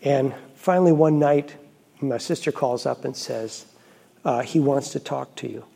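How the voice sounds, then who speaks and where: Gravelly, husky priest telling a story. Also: male voice, mid-range voice, a little slow. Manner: earnest, reflective storytelling with quiet asides. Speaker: Catholic priest. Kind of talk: storytelling homily.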